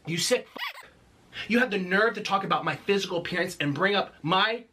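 A man's voice: high voice, expressive, a little fast, bright, forceful tone, slight background noise. A man delivering an angry, confrontational rant full of accusations and sarcasm. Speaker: video creator in an online feud.

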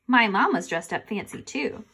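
A woman reading a children's chapter book aloud in an expressive, animated way. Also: fairly high pitch, moderate pace, creaky, husky. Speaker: reader.

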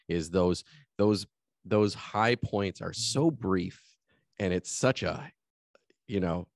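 A man's voice: low-pitched, no room sound, clean studio sound. A man hosting a podcast, also a coach, talking with enthusiasm in long flowing thoughts. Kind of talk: casual interview chat.

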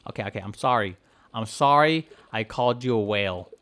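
Bright-toned let's-play host, rambling and teasing, talks straight to the game and begs it for mercy; casual desk-mic commentary. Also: mid-range voice, fairly quick. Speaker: gameplay commentator.

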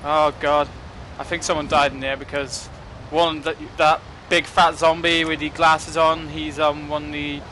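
A young man with a fairly high, bright, edgy voice talks through a game as he plays it. His commentary is casual and excitable, full of jokes and curses aimed at the game. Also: a little slow, few pauses, slight background noise. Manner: excitable, joking and cursing at the game. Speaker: gaming commentator.

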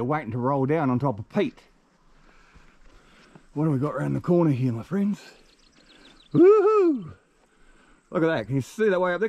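Excitable guy vlogging on a walk outside, pitch bouncing all over, chatty with viewers. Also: no room sound. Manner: enthusiastic, chatty, talks to viewers. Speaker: travel vlogger. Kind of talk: casual walking vlog. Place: outdoors among rocks.

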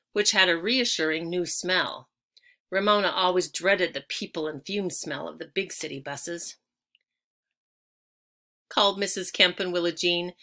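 Bright-voiced woman reading a children's story. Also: lowish voice. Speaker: audiobook reader. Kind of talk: reading a children's chapter book aloud.

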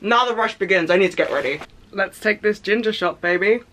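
A young woman vlogging in a casual, chatty and excitable way, rambling with fillers. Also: mid-range voice, a little fast. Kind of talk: casual vlog chat.

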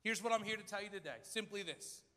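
A man preaching a sermon in a dramatic style, acting out crowd voices and swinging between loud and hushed. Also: sits high, quick pace, big-room sound. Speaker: pastor. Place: large church hall.

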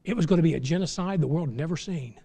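High-voiced preacher man, folksy, building to fervor. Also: fast, gravelly, dark tone. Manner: folksy, rises to impassioned crescendos. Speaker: pastor. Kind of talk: sermon.

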